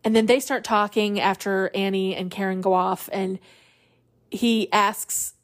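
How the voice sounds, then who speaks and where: A woman's voice: medium pitch, measured pace. A woman podcast host casually retelling a movie scene by scene, acting out the characters' lines with feeling. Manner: animated retelling, acts out quotes, laughs.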